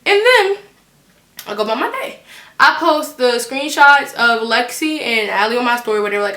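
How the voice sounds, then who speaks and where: Animated, bright-voiced teen girl vlogger. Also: on the high side, fairly quick, reverberant. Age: teens. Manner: animated and blunt, swears freely. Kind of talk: casual storytime vlog.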